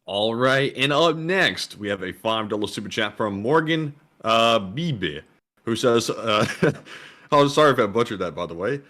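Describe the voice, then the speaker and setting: A man's voice: mid-range voice, lively intonation, a little slow, a bit bright. A man co-hosting a show who reads viewer messages aloud in a casual way, with hesitations. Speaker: co-host reading viewer messages. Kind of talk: casual chat.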